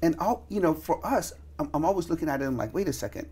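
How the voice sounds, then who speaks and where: A man hosting a casual interview, telling stories excitedly and leaning heavily on filler words. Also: fairly high pitch, fast, a loud crowd. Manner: excitable storyteller, heavy "you know" fillers. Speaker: podcast host.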